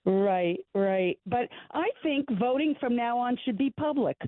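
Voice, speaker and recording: A woman's voice: on the high side, expressive, measured pace, no room sound. A woman calling a radio show, telling a playful story in a chatty, rambling way. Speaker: radio caller. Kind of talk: casual phone chat. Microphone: telephone. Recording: tinny phone line.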